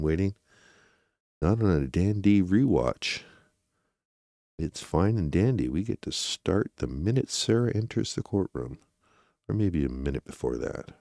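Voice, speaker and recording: Deep-voiced man hosting a chatty stream. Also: creaky, a little mellow, no room sound, clean studio sound. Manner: chatty and rambling, talks to his chat. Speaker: true crime livestream host. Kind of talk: casual livestream commentary.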